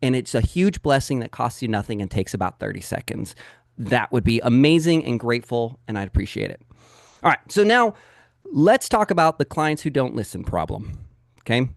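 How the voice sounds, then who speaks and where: A man's voice: medium pitch, moderate pace, vocal fry, no room sound. Brief: upbeat male coach, dry close sound. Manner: energetic and emphatic, talks straight to the audience. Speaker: real estate sales coach. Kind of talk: live training webinar.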